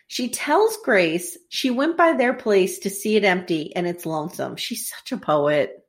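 A woman co-hosting a podcast, casually recapping an episode, animated and profane, often mimicking characters as she retells scenes. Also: medium pitch, measured pace. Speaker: podcast co-host.

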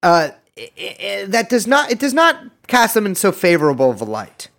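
A male podcast host with a fairly high voice talks casually and rambles. His pitch jumps around a lot, and he pokes fun at himself as he goes. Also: a little fast. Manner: animated, rambling, self-mocking.

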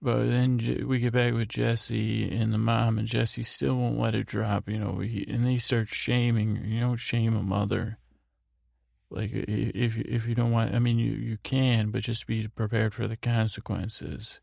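A man's voice: on the low side, little pitch movement, measured pace, gravelly, a little mellow, no room sound, clean studio sound. A man hosting a bedtime podcast, giving a rambling recap full of restarts and fillers. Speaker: podcast host.

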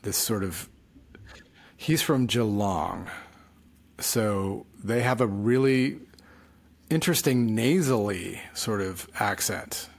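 A sleepy man talking casually late at night as a podcast co-host, halting and trailing off. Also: lowish voice, gravelly. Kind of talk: casual chat.

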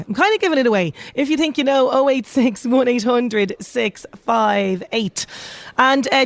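An Irish woman hosting a radio show in a chatty, upbeat way. Her voice sits a little high and sounds close and dry, with no room around it. She reads out listener messages. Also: dry recording. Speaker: radio presenter. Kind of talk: casual radio presenting. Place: outside broadcast at a local venue.

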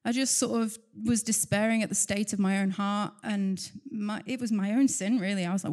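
In a mid-range, darkish voice that stays steady, a woman talks a little fast with few pauses. She's a church member sharing an earnest personal testimony, chatty and quick to fill any silence, with bits of light laughter.

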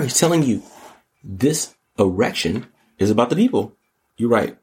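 A man hosting a casual comedic news podcast, slangy and animated, often jumping into high mocking voices. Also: normal speed, long pauses. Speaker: podcast host.

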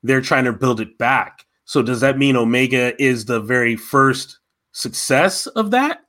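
A man's voice: medium pitch, animated, measured pace, pushed and bright. A man co-hosting a casual fan chat, talking enthusiastically and rambling with many restarts.

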